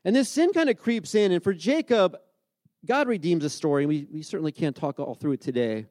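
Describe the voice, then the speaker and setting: Guy in his 40s preaching, chatty and loose, high voice, dry close sound. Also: lively intonation, a little fast, darkish tone, dry recording. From grew up by the beach. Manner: conversational, storytelling with many restarts. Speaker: pastor. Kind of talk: sermon.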